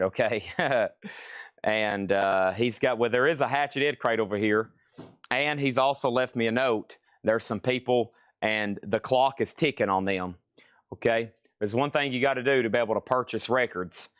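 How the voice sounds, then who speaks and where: A man's voice: lowish voice, no echo. Dry-voiced man calling auctions. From Tennessee. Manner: brisk item-by-item patter with wry asides. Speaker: live record sale host. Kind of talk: live-stream auction calling.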